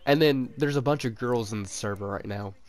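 Young man chatting through a VR headset. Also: medium pitch. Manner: laughing, self-mocking, quick to swear. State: sore throat. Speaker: gamer. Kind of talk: casual VR game chat.

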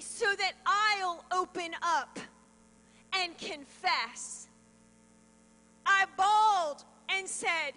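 Speaking from a church stage, a middle-aged pastor's wife shares her testimony in an earnest, emotional sermon. Her voice is extremely high, slow, pushed and bright. The hall is reverberant, with mains hum underneath.

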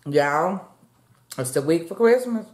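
A woman talks through an eating-show vlog. She is slow and unhurried, with a low voice. She keeps calling her viewers y'all, and the room sounds echoey. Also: expressive, darkish tone. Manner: chatty, addresses viewers as y'all, eats between lines. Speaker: mukbang vlogger. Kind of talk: casual eating-show chat.

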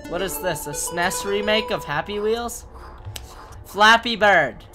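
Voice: mid-range voice, normal speed, fairly bright tone, soft background music. A gamer giving rambling, jokey commentary while playing through a game. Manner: jokey, rambling self-talk. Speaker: gaming commentator. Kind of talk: let's play commentary.

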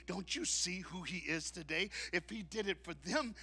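High, bright fiery preacher man. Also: moderate pace, few pauses, husky. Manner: dramatic, swings from shouting to hushed; call-and-response with the crowd. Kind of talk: sermon. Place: church auditorium.

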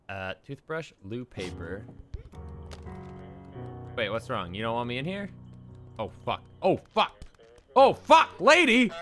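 A young man giving casual, profanity-laced commentary while playing a game, with lively stretches of storytelling. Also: medium pitch. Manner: swearing, animated storytelling. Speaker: streamer.

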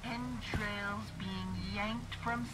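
A slow, gloating horror-game spirit. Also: female voice, medium pitch, steady tone, fairly bright tone, soft background music, poor audio. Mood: menacing. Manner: slow, taunting, gruesome. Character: sinister whispering spirit, menacing, gloating.

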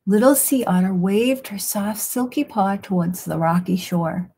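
A woman reading bedtime picture books aloud in a soft, hushed, soothing voice. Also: medium pitch, unhurried, breathy edge. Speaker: storyteller. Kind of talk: quiet bedtime story reading.

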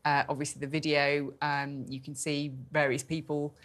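A woman's voice: low-pitched, flat delivery, moderate pace. A woman speaking as a guest on a TV studio panel, earnest and fluent with occasional fillers.

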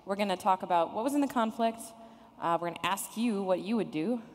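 A woman's voice: medium pitch, fairly quick. A woman moderating a conference panel in a chatty, sarcastic way, laughing often. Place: conference room with audience. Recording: echoey conference hall.

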